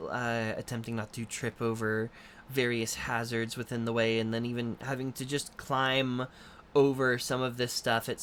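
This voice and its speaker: A man's voice: mid-range voice, a bit bright, slight background noise. A man narrating a tabletop game as game master, loosely describing scenes with many ums and likes.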